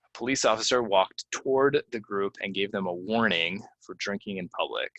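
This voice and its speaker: A man teaching English pronunciation, reading example sentences and then repeating key words slowly with clear stress. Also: on the low side, fairly bright tone, dry recording. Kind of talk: pronunciation lesson. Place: Orlando, Florida.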